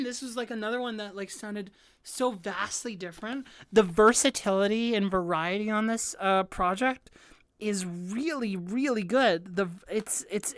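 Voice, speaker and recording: A young woman streaming a live music reaction, gushing and excitable, with lots of filler words. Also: mid-range voice, no room sound. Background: faint album music playing.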